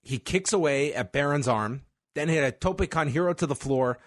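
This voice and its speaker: A man's voice: a little high, moderate pace, no room sound, studio quality. A man co-hosting a casual podcast, recapping a match move by move with wry asides. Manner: play-by-play recapping with laughs and asides. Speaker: wrestling podcast co-host.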